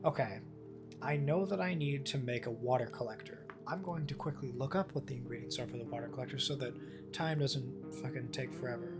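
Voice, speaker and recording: A man chats his way through a game stream, swearing freely and working problems out aloud. His voice has a rough, gravelly texture at an ordinary pitch. Game music runs clearly beneath him. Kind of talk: casual gameplay commentary. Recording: game music playing behind.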